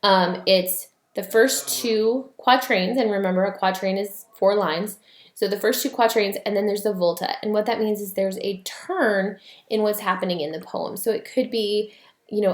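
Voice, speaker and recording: A woman's voice: medium pitch, fairly even intonation, unhurried, vocal fry, reverberant. A woman teaching an online class in a casual, explanatory way with many fillers.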